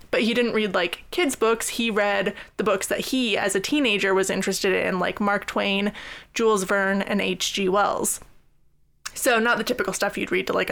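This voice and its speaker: A woman's voice: mid-range voice, creaky, fairly bright tone. A woman co-hosting a podcast, explaining at length in a casual, researched way with frequent "um"s and easy laughs. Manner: laughs often, measured explaining with fillers. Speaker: podcast co-host. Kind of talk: casual chat, researched storytelling.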